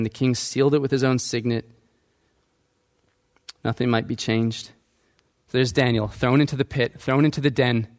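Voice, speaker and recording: A male pastor preaching a sermon, asking the congregation questions and acting out quoted lines. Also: medium pitch.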